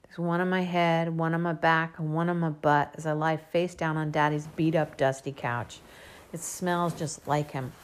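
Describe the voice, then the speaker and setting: A woman reads a storybook aloud in the first person, speaking as a young girl. Her voice sits slightly low, and her reading stays lively. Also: normal speed, a little hiss or hum. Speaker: audiobook narrator.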